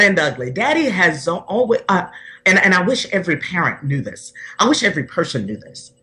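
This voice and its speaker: Female life coach, podcast guest; sincere, heartfelt, halting restarts. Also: on the low side, sing-song, bright, forceful tone. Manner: earnest, heartfelt, many restarts. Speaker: personal development coach.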